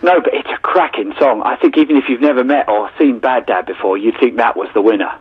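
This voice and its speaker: A man's voice: mid-range voice, fast, husky, dry recording. Cheeky London man on a muffled phone line. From East London. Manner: cheeky, self-mocking. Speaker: guest on the phone. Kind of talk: casual phone chat.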